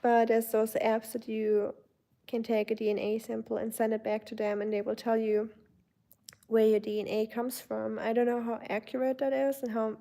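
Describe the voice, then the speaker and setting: A woman's voice: on the high side, level tone, normal speed, gravelly. A young German woman with a German accent, casually chatting on her livestream and answering viewer comments. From Germany, Baden-Württemberg. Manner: chatty, warm greetings to viewers, many fillers. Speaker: livestream host. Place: home.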